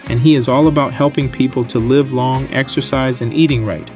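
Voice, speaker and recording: A man's voice: mid-range voice, fairly even intonation, a little fast, darkish tone. A man hosting a comedy show, introducing the next act in an upbeat announcer manner. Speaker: show host. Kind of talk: stage introduction. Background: music.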